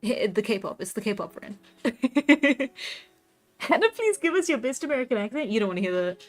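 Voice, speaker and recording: Young woman, livestream chat, giggly, slightly high voice, faint music behind. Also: very animated, normal speed. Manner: giggly, chatty, frequent laughter and restarts. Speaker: livestreamer and artist. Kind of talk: casual live-stream chat while drawing. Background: faint background music.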